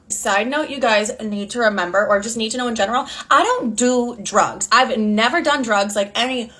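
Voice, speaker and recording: A woman in her twenties telling a storytime casually, outspoken and animated, swearing often and acting out what people said. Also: a little high, a little fast, few pauses. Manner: outspoken, animated, frequent swearing, acts out quotes.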